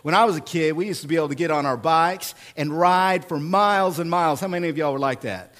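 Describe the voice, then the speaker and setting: Male preacher, middle-aged, light high voice, dynamic sermon delivery from hushed to booming. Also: fairly quick, hardly any pauses. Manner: dynamic preacher, swings from hushed prayer to loud storytelling. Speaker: pastor.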